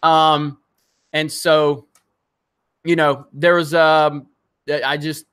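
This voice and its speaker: A man's voice: on the high side, little pitch movement, slow, fairly bright tone, clean tone. A man hosting a casual live stream, reading viewer comments and rambling in a frustrated way, with many restarts, fillers and some swearing. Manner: swears when angry.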